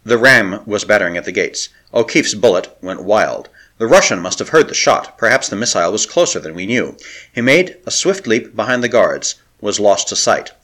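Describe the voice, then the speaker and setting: Male audiobook narrator, animated intonation, dramatic and measured. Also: lowish voice. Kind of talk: scripted narration.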